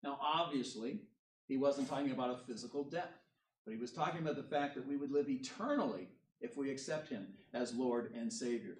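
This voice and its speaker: A man's voice: mid-range voice, brisk. A man preaching a sermon in a church hall, moving between reading scripture and explaining it. His voice rises to drive each point home. He is heard from a distance, and the room's echo surrounds his words. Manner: reads scripture aloud then explains it, rising emphasis on key points. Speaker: pastor. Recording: roomy echo, voice from far off the mic.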